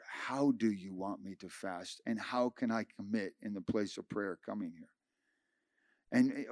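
A man pastor giving a sermon, telling a personal story with lively acted-out dialogue. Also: medium pitch, no echo, studio quality. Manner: animated storytelling, acting out dialogue. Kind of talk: sermon testimony.

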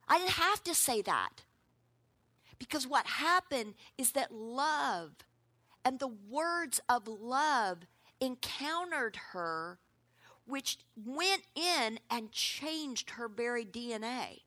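Lively woman preacher, high bright voice, dry sound, keeps saying come on. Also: slow, dry recording. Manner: animated, calls out "come on" to the crowd. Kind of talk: sermon.

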